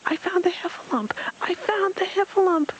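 A reader voicing a tiny, timid piglet in a storybook, squeaky and shrill. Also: moderate pace, muffled recording, a little hiss or hum. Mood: excited squealing. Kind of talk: storybook reading.

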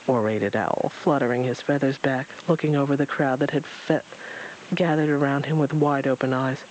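A man reading a storybook aloud in a gentle, even voice. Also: medium pitch, a little fast, a little hiss or hum, rough recording.

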